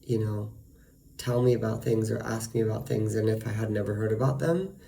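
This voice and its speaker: A man's voice: fairly low pitch, a little fast, vocal fry, warm tone. A man venting in a casual monologue, profane and ranting, full of fillers. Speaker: vlogger.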